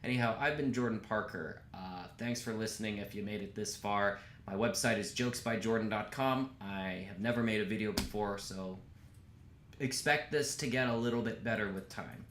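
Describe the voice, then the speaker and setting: A young adult male comedian doing a casual monologue to camera, dry and self-deprecating, with filler pauses. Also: lowish voice, a bit bright. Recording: echoey room with faint background hiss.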